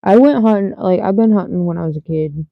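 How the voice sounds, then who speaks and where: A woman's voice: on the low side, fast. A woman livestreaming and chatting loosely with her viewers, blunt and swearing freely. Her voice comes through thin and phone-like, with no room echo around it. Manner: blunt and heavily profane. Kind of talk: casual livestream chat with viewers. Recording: tinny phone-like dry sound.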